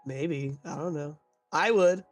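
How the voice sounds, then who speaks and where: A man's voice: a little high, takes it slowly, music in the background. A man hosting a live stream in casual chat, upbeat and laughing often, his voice a little worn after being sick. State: voice worn from recent illness. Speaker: host.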